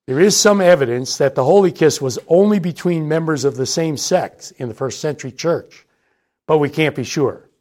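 A man delivering a scripted sermon, measured and deliberate, repeating key points for emphasis. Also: a little high, darkish tone. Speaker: preacher.

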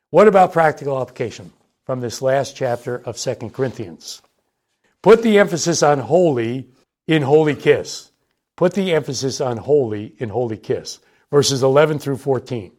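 A man delivering a scripted sermon, measured and deliberate, repeating key points for emphasis. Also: a little high, a little mellow. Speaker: preacher.

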